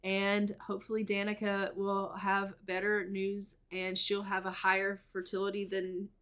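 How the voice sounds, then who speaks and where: A woman's voice: medium pitch, monotone, a little slow, a bit bright, clean tone. A woman narrating a life-sim game in a chatty, storytelling way. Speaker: let's play narrator.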